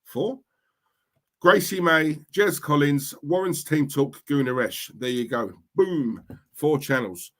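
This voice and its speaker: This young East London host has a Cockney accent and a fairly high, fairly bright voice, and he takes it slowly. On a casual livestream he reads out viewer comments, speaking bluntly and going over the same points again.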